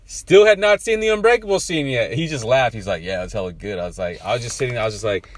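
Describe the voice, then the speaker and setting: An excitable man co-hosting a movie podcast, his pitch swinging up and down. He swears freely and jumps between thoughts mid-sentence. It is loose, casual chat between friends. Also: fast talker, slight background noise. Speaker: podcast co-host.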